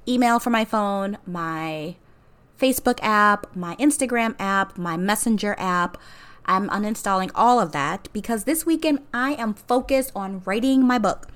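A woman's voice: mid-range voice, fairly bright tone. A woman hosting a podcast, talking in a casual, earnest and encouraging way straight to her listeners. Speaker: podcast host. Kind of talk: casual motivational monologue.

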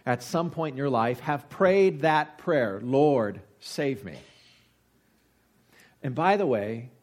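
A man in his forties, a pastor, preaching a conversational sermon that swings between loud emphasis and quiet asides. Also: medium pitch.

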